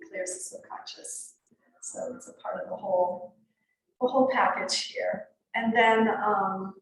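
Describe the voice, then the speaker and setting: A woman yoga teacher leading a beginner workshop, chatty and rambling with fillers and laughs. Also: medium pitch. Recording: very echoey room, distant mic.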